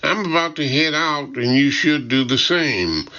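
A man's voice: fairly high pitch, lively intonation, a little slow, sharp tone, muffled recording, voice pushed up, full character voice. A man voicing an officious older British secretary with a London accent, curt and lecturing, in an audiobook. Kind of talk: audiobook character voice.

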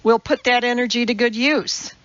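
A woman's voice: on the high side, fairly even intonation, normal speed, fairly bright tone, lo-fi sound, voice pushed up, lightly acted. A woman doing a ribbing young male rower. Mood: teasing. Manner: jocular, ribbing.

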